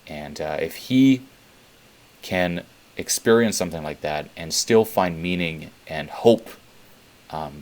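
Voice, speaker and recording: A man talking casually in a self-help vlog, rambling with lots of fillers and blunt swearing. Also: a bass voice. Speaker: self-help video host.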